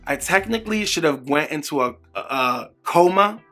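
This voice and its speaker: A young man telling a personal story to camera in a candid, animated way. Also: a little high, normal speed, soft background music. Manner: animated, candid, acts out quoted exchanges. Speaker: vlogger.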